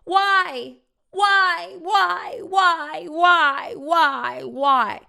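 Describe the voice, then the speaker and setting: A woman voicing a domineering, unhinged woman who interrogates with a hollow, forceful, accusing tone. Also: mid-range voice, slow pace, natural voice. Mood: screaming.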